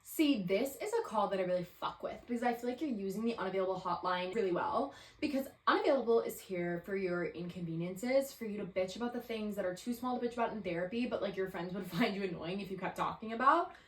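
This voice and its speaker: A woman's voice: medium pitch, fast talker, few pauses. A woman in her twenties hosting a casual advice podcast, chatty and opinionated with lots of fillers. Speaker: podcast host. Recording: roomy echo.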